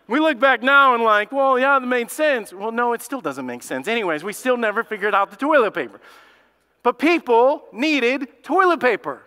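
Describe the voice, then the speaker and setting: A man preaching a sermon as pastor, telling a story in a lively, conversational way. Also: extremely high pitch, normal speed, clean tone. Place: church sanctuary. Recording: long hall reverb.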